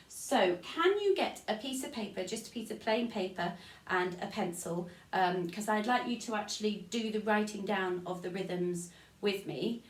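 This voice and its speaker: A woman with an English accent teaches an online music lesson to children, counting beats aloud and singing short rhymes. Her mid-range voice is off-mic and sounds distant in an echoey room.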